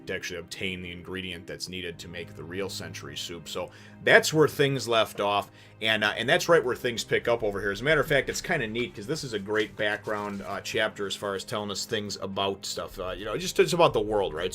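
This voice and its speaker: A man with a lowish voice hosts a casual manga review. He rambles through the plot with plenty of fillers and restarts, then breaks into animated bursts, with faint music under him.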